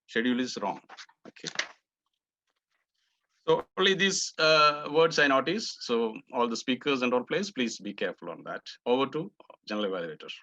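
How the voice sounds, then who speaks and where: A man with an Indian English accent walks through mispronounced words one by one, repeating each for practice. His tone is bright and forceful, filled with hesitant fillers. The audio is dry and a little dull, like an online meeting. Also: medium pitch, animated, moderate pace, no room sound. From Indian subcontinent. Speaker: pronunciation master at a club meeting. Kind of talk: meeting report, correcting pronunciations.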